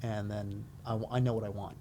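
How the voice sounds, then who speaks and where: A man's voice: fairly low pitch, flat delivery, brisk, warm tone, a little hiss or hum. A man in his thirties, a veteran, telling a story in casual conversation with lots of fillers and quoted dialogue. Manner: chatty, full of fillers, acts out quoted dialogue. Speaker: veteran guest.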